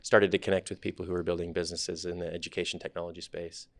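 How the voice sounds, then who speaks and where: Low gravelly man telling his story. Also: fast talker, no echo. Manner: relaxed storytelling, thoughtful, candid. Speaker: startup CEO guest. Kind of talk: podcast interview.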